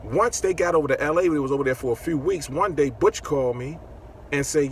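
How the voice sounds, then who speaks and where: Bright-voiced man telling a story. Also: on the high side, fast talker, slight background noise. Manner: animated, acts out quoted dialogue with a rising voice. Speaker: singer telling his story. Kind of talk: casual storytelling to viewers.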